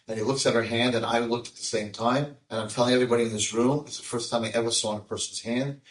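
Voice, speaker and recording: Older rabbi telling a story in an echoey room. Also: male voice, medium pitch, fast. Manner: animated storyteller, acts out voices, jokes with the crowd. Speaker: rabbi giving a talk. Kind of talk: storytelling talk to an audience. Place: lecture room with audience. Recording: echoey room, mic at a distance.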